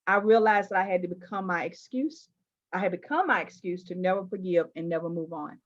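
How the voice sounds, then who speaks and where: A woman interviewing a guest, telling personal stories in an animated, emphatic way with playful asides. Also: lowish voice, a little fast, lo-fi sound. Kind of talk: candid conversational interview.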